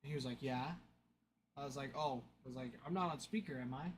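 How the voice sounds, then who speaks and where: A man's voice: medium pitch, quick pace, a little hiss or hum. A young adult man hosting a card break livestream, telling stories in casual chat, laughing often and thanking viewers.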